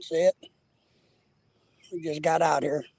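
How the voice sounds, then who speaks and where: Man, live-stream host, out of breath, rambling chat, mellow dark tone, dry close sound, outdoors by a lake. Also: a little high, fairly even intonation, takes it slowly, dry recording. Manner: rambling, chatty, greets viewers by name. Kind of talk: casual live-stream chat while fishing.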